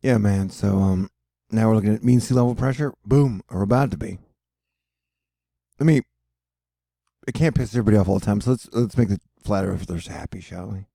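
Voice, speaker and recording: On the low side, with vocal fry, a dark tone, and long pauses, a man talks fairly quickly in a clean, echo-free studio recording. He hosts his own weather and space video, rambling casually over weather maps with profanity and jokes, and keeps losing his thread.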